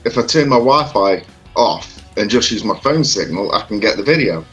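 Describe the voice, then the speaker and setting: Low-voiced rambling man. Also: expressive, moderate pace, a bit bright, soft background music, rough recording. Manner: rambling, chatty, greets viewers. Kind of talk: casual chat.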